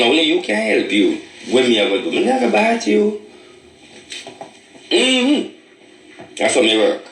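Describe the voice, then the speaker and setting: A man's voice: medium pitch, fairly bright tone, far from the mic. A man with a Jamaican Patois accent, a spiritual reader giving a preachy, boastful warning monologue that rambles in patois. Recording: echoey room, away from the mic.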